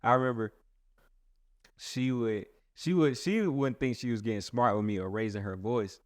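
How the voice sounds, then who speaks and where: A man's voice: mid-range voice, moderate pace, no echo, clean studio sound. A man who is a pastor, talking earnestly and casually in a rambling way with many restarts. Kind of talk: casual podcast chat.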